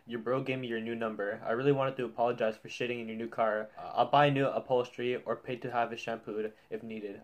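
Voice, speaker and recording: Guy youtuber reading out wrong-number texts, jokey, cusses a lot, middle pitch. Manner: swearing, joking, reads texts aloud. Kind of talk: casual reaction commentary.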